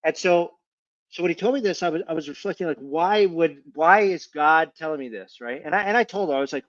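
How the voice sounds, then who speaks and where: A man's voice: a little high, fairly quick. A man talking casually on a panel, earnest and given to restarts as he tells a personal story. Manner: earnest, repeats words when restarting. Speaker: panel guest. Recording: dull muffled audio.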